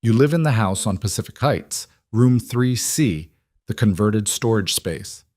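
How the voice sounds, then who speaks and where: A controlled mafia boss speaks in a calm, matter-of-fact voice that sits low, played by a male narrator. He stays conversational and almost gentle. The sound is close and dry. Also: unhurried, dry recording. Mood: cold.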